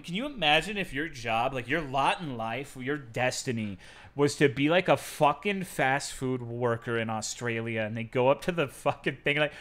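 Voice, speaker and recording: A man's voice: mid-range voice, lively intonation, moderate pace, a bit bright. A man streaming from home, chatting casually with his viewers in a profane, self-mocking, joking way.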